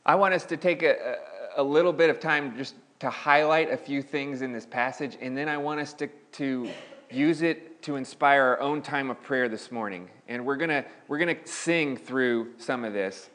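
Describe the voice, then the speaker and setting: This pastor's sermon comes in a medium-pitched, slightly bright voice at a moderate pace, recorded in a church sanctuary. He talks in a conversational way, frequently starting over and lifting his voice to stress important points.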